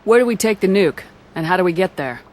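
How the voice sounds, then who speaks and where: An actress playing a calm, decisive military commander in a video game, speaking in direct orders and questions. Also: female voice, on the low side, fast talker, natural voice.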